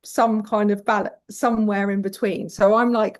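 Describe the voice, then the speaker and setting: A woman's voice: medium pitch, level tone, moderate pace. A British woman guest telling parenting stories frankly, swearing casually and acting out quoted voices. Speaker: podcast guest. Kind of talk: candid conversational storytelling.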